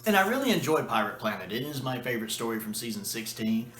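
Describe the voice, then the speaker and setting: A man's voice: mid-range voice, sing-song, fast, fairly bright tone, echoey room. A man chatting casually and enthusiastically as a video reviewer, with a few restarts and fillers. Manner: enthusiastic, acts out quoted lines.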